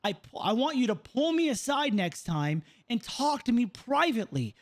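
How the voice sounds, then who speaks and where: A man's voice: very high-pitched, sing-song, moderate pace. A man playing a proud, short-tempered male police lieutenant in a roleplay game, lecturing with swearing and repeated "okay?". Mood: stern lecturing. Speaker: roleplay character. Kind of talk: in-character roleplay argument.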